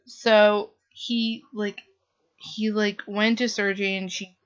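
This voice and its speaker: Woman book reviewer, unhurried, heavy on fillers, slightly dull lo-fi sound. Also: mid-range voice, little pitch movement, clear, resonant tone. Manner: gushing, full of "like" and "um" fillers.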